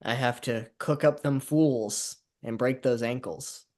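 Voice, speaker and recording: Man playing brash young hoops villain, slow and cocky, boastful trash talk. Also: mid-range voice, darkish tone, close to an everyday voice. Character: cocky young male basketball kid villain.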